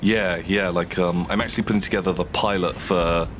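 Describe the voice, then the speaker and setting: A man's voice: deep voice, fairly even intonation, a little fast, a bit bright, slight background noise. A man co-hosting a gaming video, rambling through a made-up story with lots of fillers. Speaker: let's play co-host. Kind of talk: casual gaming chat.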